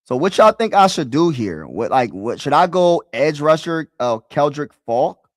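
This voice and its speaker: A man's voice: on the high side, very animated, normal speed, no room sound, clean studio sound. Chatty man live-streaming to his chat. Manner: talks to chat, repeats himself, casual slang. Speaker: sports streamer.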